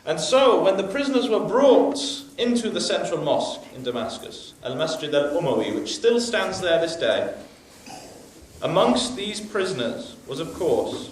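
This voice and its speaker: A high-voiced male preacher tells his story with steady emphasis. His voice booms around a large, very echoey hall and sounds distant from the microphone. A faint hiss lies underneath. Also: normal speed. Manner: emphatic storytelling with religious phrases. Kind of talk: storytelling sermon.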